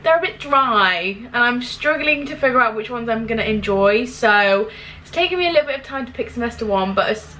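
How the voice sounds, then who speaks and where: A woman's voice: on the high side, a little hiss or hum, rough recording. Chatty young woman vlogging. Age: young adult. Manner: chatty, full of "like" fillers, warm and effusive toward viewers. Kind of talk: casual chat.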